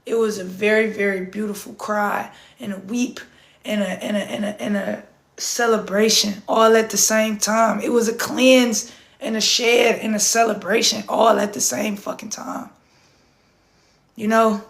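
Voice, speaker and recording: A hoarse woman speaking in a casual, intense live-stream monologue, repeating herself and swearing freely. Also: medium pitch, little pitch movement, a little slow. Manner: intense, repetitive, profane, swings to shouting. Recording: roomy echo.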